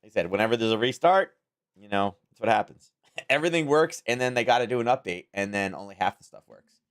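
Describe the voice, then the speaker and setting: A slightly hoarse man hosting a trading livestream from home, talking casually and thinking aloud into a close microphone. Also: lowish voice, fast. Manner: rambling, thinking aloud, chuckling asides. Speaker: trading stream host. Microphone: close-up desk microphone.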